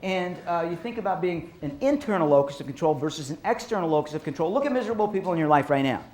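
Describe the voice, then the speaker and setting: A man giving a storytelling lecture to an audience on violence prevention, animated and repeating phrases for emphasis. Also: a little high, quick pace. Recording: roomy echo.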